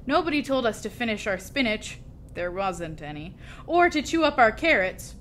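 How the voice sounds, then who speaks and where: Lively woman reading a children's story. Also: on the high side, normal speed, a little hiss or hum. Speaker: storybook reader. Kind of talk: children's story read aloud.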